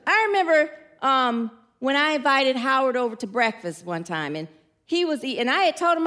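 A middle-aged woman with a notably high voice delivers a relaxed sermon. She tells stories in a chatty, playful way and invites the congregation to answer back. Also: a little fast. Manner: warm, chatty, playful storytelling with audience questions. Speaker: speaker at a church gathering. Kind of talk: informal sermon with congregation call-and-response.

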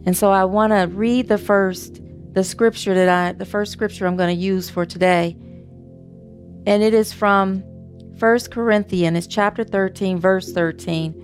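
A woman's voice: mid-range voice, steady tone, unhurried, soft background music. Chatty woman giving a sermon. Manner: chatty and warm, with restarts and a joking anecdote. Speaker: speaker giving the talk at a spiritual community service. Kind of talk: casual sermon.

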